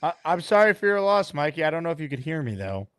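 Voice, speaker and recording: A man's voice: fairly high pitch, big pitch swings, fast, fairly bright tone, clean tone, no echo. A man hosting a sports call-in show, taking calls with upbeat, dryly joking patter. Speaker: host.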